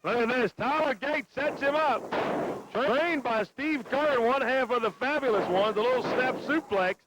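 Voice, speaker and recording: A man doing excitable play-by-play for a wrestling match. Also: very high-pitched, a little slow. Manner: excitable, exclaiming calls. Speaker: play-by-play announcer. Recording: noisy lo-fi TV broadcast.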